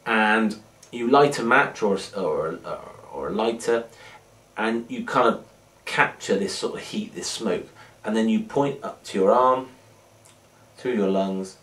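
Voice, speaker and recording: A man's voice: lowish voice, measured pace, long pauses, a bit bright. A man hosting a magic product review, playful and rambling with frequent jokey asides. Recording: echoey room, mic at a distance.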